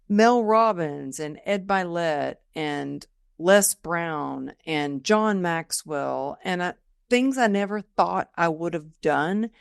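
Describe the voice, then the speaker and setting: Slow, smooth-voiced woman telling stories. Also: low voice, dry recording, clean studio sound. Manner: lively storyteller who acts out quoted dialogue. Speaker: podcast guest, motivational speaker. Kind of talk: casual storytelling interview.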